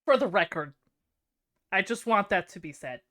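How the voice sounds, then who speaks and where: A woman's voice: medium pitch, expressive, moderate pace, a bit bright. A woman streamer in casual live-stream chat, wry and self-mocking, often breaking into laughter.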